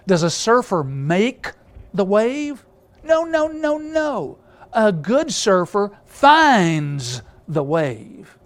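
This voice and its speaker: A man preaching a storytelling sermon, rambling with many filler sounds and restarts. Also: sits high.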